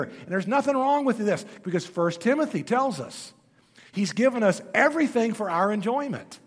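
A male pastor preaching a sermon and telling stories, moving between loud emphatic lines and hushed, low passages. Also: very animated, normal speed, slightly rough. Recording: long hall reverb.

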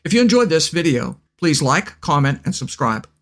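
Slow-speaking man teaching scripture. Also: a little high, big pitch swings, fairly bright tone. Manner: slow and deliberate, drops to a near murmur when reciting scripture. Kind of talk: devotional teaching.

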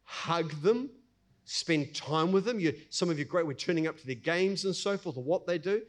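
A middle-aged pastor, preaching in a conversational way and acting out everyday scenes. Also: male voice, a little high, fairly quick. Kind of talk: sermon.

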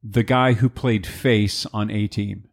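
A man's voice: lowish voice, fairly even intonation, takes it slowly. A man co-hosting a podcast who keeps asking confused questions in casual chat. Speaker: podcast co-host.

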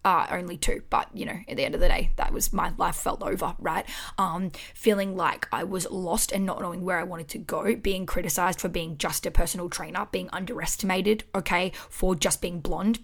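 A woman in her twenties with an Australian accent, talking candidly and expressively alone on her podcast, swearing freely, recorded on a microphone at home. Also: medium pitch. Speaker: podcast host. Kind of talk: casual solo podcast monologue. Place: her house.

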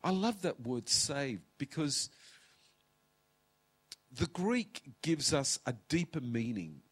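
This man in his fifties, a pastor, delivers a sermon to a large auditorium in a mid-range, slightly rough voice with big swings in pitch. Close to tears, he pauses dramatically and drops his voice to a whisper.

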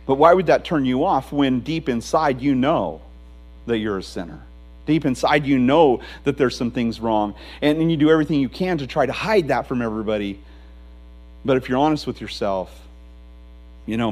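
A middle-aged male pastor preaching a sermon in a conversational, emphatic way, with a low hum behind him. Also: expressive, normal speed, rough recording.

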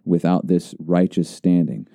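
A man's voice: deep voice, measured pace, vocal fry, mellow, no room sound, studio quality. A man who is a pastor, earnestly explaining doctrine on a teaching podcast with an emphatic tone.

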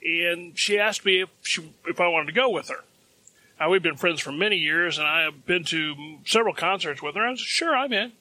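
A middle-aged man spins a personal story in a casual, chatty way. His voice sits a little high and sounds bright and forward. He often breaks into a chuckle at his own jokes. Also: normal speed.

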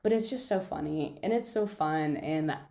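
A woman's voice: low voice, moderate pace, creaky, mellow, echoey room. A young woman hosting her own podcast, chatting casually and telling stories with lots of fillers and giggles. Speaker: podcast host. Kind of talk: casual solo podcast chat.

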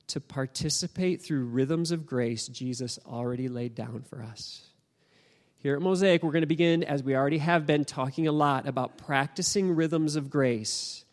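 A man's voice: on the high side, a little mellow, in a large hall. A man preaching a sermon as pastor, earnest and encouraging, repeating his phrases.

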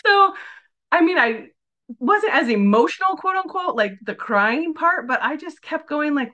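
A woman's voice: high voice, lively intonation, unhurried, pushed and bright, dull audio. A woman in her forties, a podcast guest chatting casually and telling her story with lots of filler words. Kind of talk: casual interview chat.

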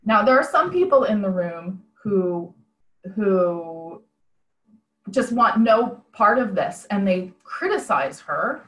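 A woman's voice: mid-range voice, animated, takes it slowly, reverberant, poor audio. A woman preaching a conversational sermon over a video call, retelling a story in a plain-spoken, reflective way.

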